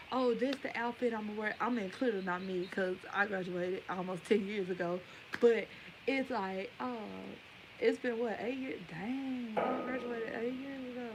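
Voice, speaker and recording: A woman's voice: fairly high pitch, slight background noise, poor audio. A woman in her twenties giving a rambling, emphatic opinion rant straight to her viewers. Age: 20s. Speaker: vlogger. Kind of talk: casual opinion rant to camera.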